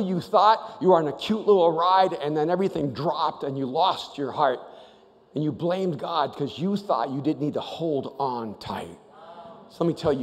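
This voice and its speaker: Male pastor, high voice, storytelling sermon, long hall reverb. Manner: storytelling with animated asides. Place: large church auditorium.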